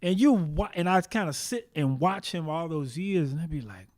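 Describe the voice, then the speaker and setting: A man from the Bay Area, a guest drummer, telling animated anecdotes and mimicking the people he quotes. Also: fairly high pitch, moderate pace. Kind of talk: casual interview storytelling.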